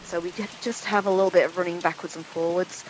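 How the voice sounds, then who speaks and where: A woman with a lowish voice talks her way through a horror game, chatty and self-deprecating as she thinks aloud. A faint hiss of background noise sits behind her desk mic. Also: steady tone, fast talker, low-quality recording. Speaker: let's play host. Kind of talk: casual gameplay commentary.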